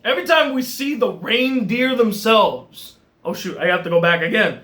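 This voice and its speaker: A man giving a casual film review in an animated way, often laughing and restarting his sentences. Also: sits high, normal speed. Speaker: movie reviewer.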